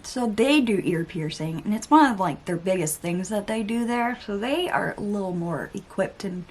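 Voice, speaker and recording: Brief: young woman beauty vlogger, mid-pitched voice, chatty and exasperated, casual get-ready-with-me chat. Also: lively intonation, normal speed, a little mellow, a little hiss or hum. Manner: chatty storytelling, exasperated asides, some swearing. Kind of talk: casual chitchat while getting ready.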